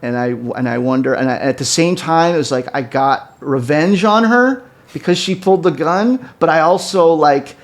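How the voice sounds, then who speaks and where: A man telling a story on a podcast, his voice a little high for a man. He talks in a loose, profane, rambling way, full of fillers and restarts. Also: normal speed, hardly any pauses. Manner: animated, jumps up in pitch when quoting people. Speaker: podcast co-host. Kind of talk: casual storytelling chat.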